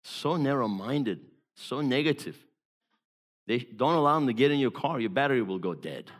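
Emphatic male preacher, hushed to loud. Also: medium pitch, lively intonation, moderate pace. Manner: emphatic, swings between hushed storytelling and loud exhortation. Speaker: evangelist preacher. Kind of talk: sermon.

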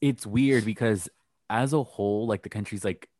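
A man's voice: on the low side, moderate pace, darkish tone, dry recording, clean studio sound. A young man co-hosting a podcast in casual chat, gossipy and sassy. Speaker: podcast co-host.

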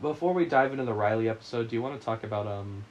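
A young man co-hosting a casual podcast, rambling and joking crudely, his voice a little rough from being sick. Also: mid-range voice, racing, muffled recording, a little hiss or hum. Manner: joking, rambling, laughs often. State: sick, husky voice. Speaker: podcast co-host.

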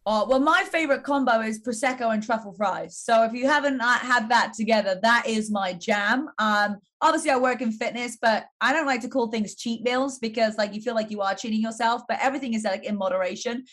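An upbeat English woman speaks as a guest in a casual interview. Her voice sits a little higher than most women's, and she talks freely, sprinkling "like" through her answers. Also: brisk, few pauses, a bit bright. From England. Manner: upbeat, heavy use of "like". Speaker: guest, fitness entrepreneur.

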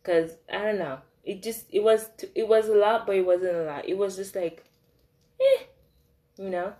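A young woman telling a casual storytime about her crushes, animated, swinging between loud outbursts and soft asides. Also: mid-range voice, brisk. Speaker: vlogger.

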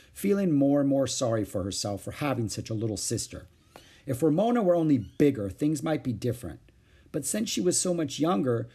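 A man reading a children's book aloud in an expressive, storytelling manner. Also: medium pitch, slightly rough. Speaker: storybook reader.

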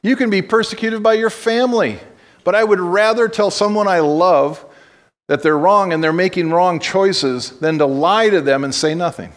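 Blunt preaching pastor, higher-pitched man. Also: moderate pace. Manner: conversational storytelling with blunt exhortations and frequent restarts. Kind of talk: sermon.

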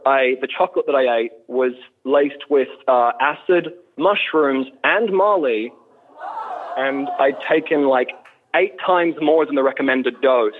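Australian male caller, young adult, rambling and self-mocking, thin phone-line sound. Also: mid-range voice. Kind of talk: storytelling on a call-in show.

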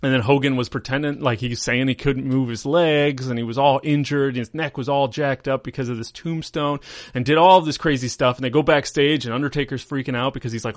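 Speaking a little fast in a mid-range voice, this man hosts a podcast and tells loose, rambling stories packed with filler words, chatting casually. It's a dry, studio-quality recording.

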